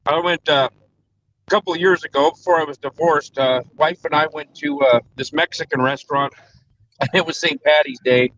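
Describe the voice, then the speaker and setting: A man's voice: fairly high pitch, steady tone, moderate pace, a bit bright. A man telling a casual, rambling story with many fillers on a talk show. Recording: dull with faint noise.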